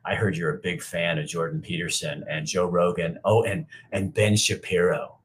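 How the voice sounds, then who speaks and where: Blunt, rambling man with a very low voice. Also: fairly even intonation, moderate pace. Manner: rambling, blunt, with frequent profanity and restarts. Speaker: livestream host reading viewer comments. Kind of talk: casual unscripted livestream talk.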